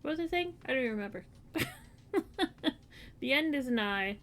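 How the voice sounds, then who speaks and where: A woman's voice: high-pitched, expressive, moderate pace, fairly bright tone, slight background noise. A woman streaming at home as she crafts, chatting casually and coaxing her dog in a playful way. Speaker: crochet streamer. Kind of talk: casual chat while crafting.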